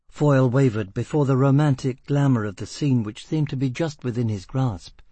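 A man reading a novel aloud as narrator, in a measured, even way. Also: mid-range voice, breathy edge, no echo. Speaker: audiobook narrator. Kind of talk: scripted narration.

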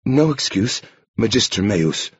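A man's voice: lowish voice, sing-song, a little slow, slightly rough, no room sound, muffled recording, pitched above the performer's own voice, exaggerated voice. A man voicing a terrified, stammering teenage novice monk. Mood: timid. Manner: stammering, timid.

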